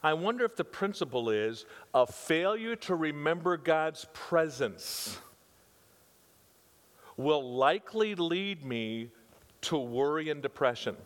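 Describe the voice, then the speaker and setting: A man's voice: on the high side, expressive, slow. Older male pastor preaching in a reverberant hall. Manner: conversational preaching, emphatic repetitions and rhetorical questions. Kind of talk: sermon.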